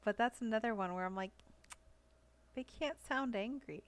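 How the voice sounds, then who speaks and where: Speaking at normal speed in a fairly high voice, a young woman plays a cozy farming game on stream. She chats casually with viewers and frequently giggles while reading their messages out loud.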